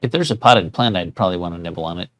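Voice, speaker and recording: A man playing a tabletop role-playing game, tossing out jokey deadpan quips. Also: low voice, rapid-fire. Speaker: player. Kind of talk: casual tabletop game play.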